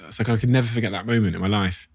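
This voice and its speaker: A man's voice: lowish voice, fairly even intonation, rapid-fire, breathy edge, no echo, studio quality. A male podcast host talking reflectively, searching for words as he shares personal memories and asks questions. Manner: thoughtful, searching for words with fillers. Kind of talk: reflective interview conversation.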